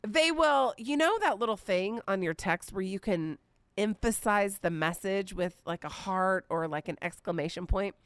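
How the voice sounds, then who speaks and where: A woman in her forties hosting a casual Bible teaching podcast, chatty and expressive, with playful asides. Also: medium pitch, normal speed, smooth, no room sound. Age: 40s.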